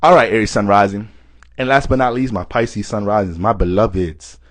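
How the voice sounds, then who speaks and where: A young man giving a casual astrology reading, animated and joking, swearing often, and tired from lack of sleep. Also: on the low side, brisk, no room sound. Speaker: astrology reader.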